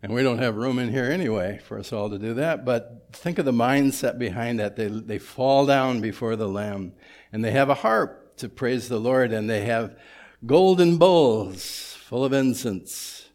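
A man's voice: medium pitch, moderate pace. A man preaching a sermon in a church, conversational and sprinkled with humorous asides. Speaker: pastor.

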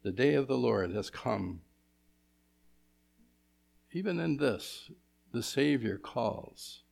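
Here a pastor preaches expository style in a creaky, medium-pitched voice that is animated yet slow, with frequent pauses. He asks his flock rhetorical questions, swinging from emphatic to hushed.

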